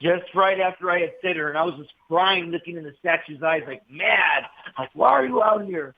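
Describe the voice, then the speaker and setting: A man recounts his life story in an animated, emphatic way, peppering it with street slang. His voice sits high, and the audio is thin and boxy, like a phone line. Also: brisk. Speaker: guest telling his conversion story. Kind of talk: casual testimony in a podcast conversation.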